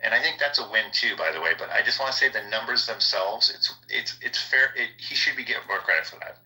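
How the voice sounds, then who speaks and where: Bright, emphatic male caller. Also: medium pitch, fast, low-quality recording. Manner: emphatic, conversational, argues with numbers. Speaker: caller on a political panel. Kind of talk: casual political commentary.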